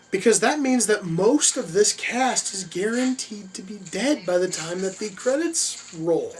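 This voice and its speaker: A movie reaction host giving casual commentary, excitable and profane, openly relishing the gore. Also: mid-range voice. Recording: distant mic with faint music behind.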